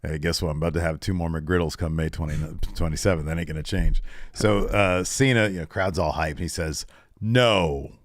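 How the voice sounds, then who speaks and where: A man's voice: low voice, fairly quick, no room sound, studio quality. A man co-hosting a casual podcast, recapping wrestling and acting out quotes in voices. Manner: animated, acts out quotes in voices. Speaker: podcast co-host.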